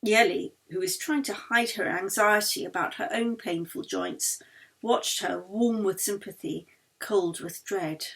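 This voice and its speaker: A woman author reading her own novel aloud in a measured, expressive way. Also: medium pitch. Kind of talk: audiobook narration.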